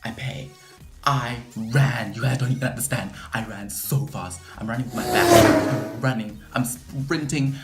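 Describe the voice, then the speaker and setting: Animated young woman storytelling. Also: very deep voice, moderate pace, reverberant, soft background music. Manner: animated, dramatic retelling with lots of "like". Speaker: vlogger. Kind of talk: storytime vlog.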